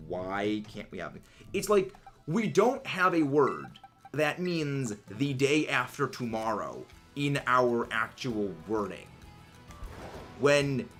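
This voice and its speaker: With a lowish, slightly bright voice, a gaming streamer muses aloud to his viewers. His casual chat wanders, stuffed with fillers and restarts.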